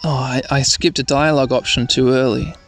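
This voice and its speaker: A man's voice: medium pitch, steady tone, a little fast. A man hosting an easygoing, rambling let's-play commentary meant for sleep. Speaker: host. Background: faint music.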